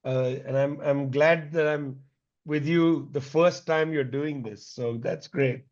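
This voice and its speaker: A man's voice: on the high side, fairly even intonation, a little mellow. Man lecturing, dull lo-fi sound. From India. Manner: measured, explanatory, with frequent "you know". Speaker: guest speaker, historian. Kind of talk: public talk, explanatory lecture. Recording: dull lo-fi recording.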